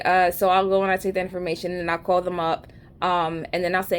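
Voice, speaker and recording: A woman's voice: on the low side, level tone, fast talker, clear, resonant tone. A woman with a New York accent telling a rambling, slangy, joking story in a casual vlog. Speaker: vlogger.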